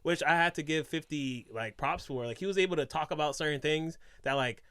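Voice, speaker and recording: A man's voice: fairly high pitch, brisk, a bit bright, clear, resonant tone, no echo. A man from Boston co-hosting a casual podcast chat, talking in loose, rambling sentences full of filler words. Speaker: podcast co-host.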